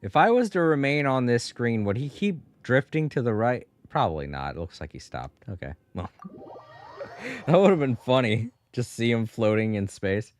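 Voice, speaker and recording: A man's voice: medium pitch, very animated, moderate pace. A man from the northern United States chatting casually as he plays a video game on stream, laughing to himself and easily surprised. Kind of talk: casual gameplay commentary.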